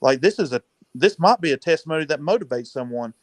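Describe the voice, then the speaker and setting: Profane, ranting man, slightly high voice. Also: lively intonation, quick pace, no room sound. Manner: profane, agitated, repeats "dude". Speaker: caller venting on a panel show. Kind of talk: emotional rant, casual talk.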